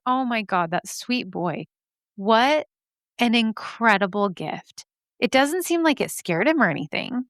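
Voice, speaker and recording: A woman's voice: medium pitch, fairly bright tone, no echo. Woman podcast host, chatty, laughs a lot, casual swearing, dry close sound. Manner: chatty, laughs often, swears casually, reads quotes aloud. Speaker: podcast host reading listener mail. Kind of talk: casual podcast reading and commentary.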